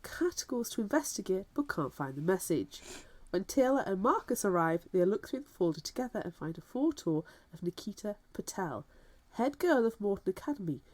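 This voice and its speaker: A woman's voice: mid-range voice, sing-song, moderate pace, darkish tone. A woman co-hosting a podcast, reading out plot points and adding wry comments. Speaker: podcast co-host. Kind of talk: casual book discussion chat.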